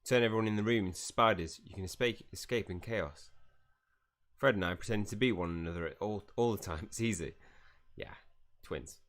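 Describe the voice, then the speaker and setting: Male gaming streamer, deep voice, chatty, reads dialogue aloud. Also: a little fast, fairly bright tone. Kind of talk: live gameplay commentary.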